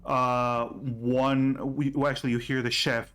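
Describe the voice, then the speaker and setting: Male game master; unhurried, halting narration with frequent fillers. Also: medium pitch, level tone, a bit bright, soft background music.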